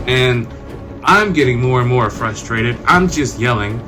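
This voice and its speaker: A young man tells a personal story to his viewers, animated and chatty, with plenty of filler words. His voice sits in a middling pitch. Background music runs under his voice. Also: measured pace. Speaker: vlogger. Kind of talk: storytime narration.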